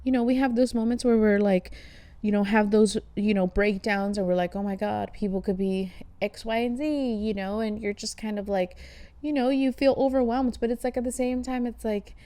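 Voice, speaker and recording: A woman's voice: fairly high pitch, steady tone, moderate pace, mellow, clean tone. A woman hosting a casual conversation, chatty and peppered with swearing and fillers. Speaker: host. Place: art studio shop.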